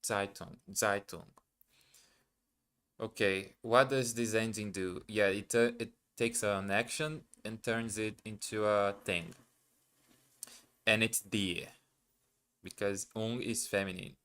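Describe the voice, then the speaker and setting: A man's voice: on the low side, fairly even intonation, slow, fairly bright tone, smooth. A man on a casual live stream, thinking aloud as he works through a language app. He hesitates, questions himself and repeats practice words. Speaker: live streamer learning German.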